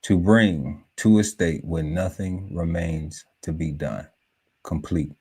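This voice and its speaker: This is a man with a very low voice who takes his time, unhurried and drawn out. He reads a list of words aloud on a relaxed podcast panel. He stops to muse over them and laughs along the way. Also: breathy edge. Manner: slow, musing list-reading broken by laughter and asides. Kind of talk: casual podcast chat, reading word lists aloud.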